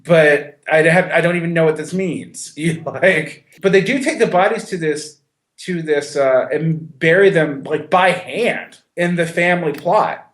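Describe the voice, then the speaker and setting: A man with a slightly high voice talks through a film in casual podcast chat. He circles back on his sentences and restarts often. The room around him rings with echo. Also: a little slow. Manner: conversational, with frequent restarts and a little laughter. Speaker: podcast co-host.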